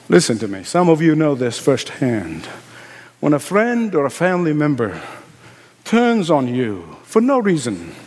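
A man with a high voice preaches a sermon, his words ringing with a long reverb through the hall. He repeats his phrases for emphasis and swings between quiet, low asides and loud, pleading cries. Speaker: pastor.

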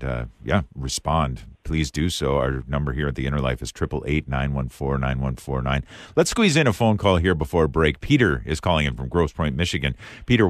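A radio host with an extremely low voice welcomes callers and affirms his guest. The sound is close and dry, with no room around it. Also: no echo. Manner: affirming, reads out call-in details. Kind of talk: radio call-in show.

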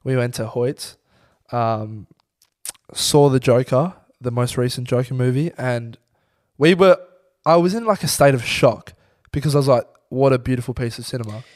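A man's voice: medium pitch, moderate pace, darkish tone. A young Australian man co-hosting a podcast, chatting in a laid-back, teasing way with casual swearing. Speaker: podcast co-host. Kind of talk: casual chat.

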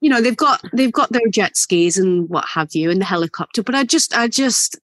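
A woman from England, an actor guest, telling lively stories in a casual interview with plenty of fillers and restarts. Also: medium pitch, a little fast, dry recording, studio quality. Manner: animated storyteller, many fillers and restarts.

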